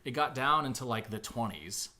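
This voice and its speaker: This is a man hosting a casual live-streamed chat. His pitch swings widely as he talks. He is animated and chatty, with plenty of fillers. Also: moderate pace. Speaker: podcast host, improv actor. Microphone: booth microphone.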